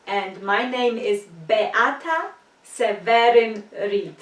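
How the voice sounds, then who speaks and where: A woman's voice: a little high, slow. Woman guest, echoey room. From Poland. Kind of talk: casual chat. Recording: roomy echo, distant mic.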